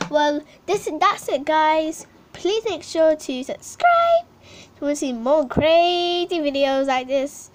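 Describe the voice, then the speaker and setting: Very high-pitched female game vlogger. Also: big pitch swings, measured pace, a little hiss or hum. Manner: pleading and complaining. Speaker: channel host. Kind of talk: casual gameplay commentary.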